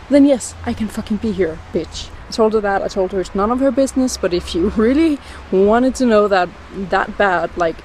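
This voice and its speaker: A woman's voice: medium pitch, a little mellow, slight background noise. Woman ranting into a handheld phone. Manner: indignant, heavy swearing, ranting. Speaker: vlogger. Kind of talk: casual vlog rant. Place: outdoors in a cemetery. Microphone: phone held at arm's length.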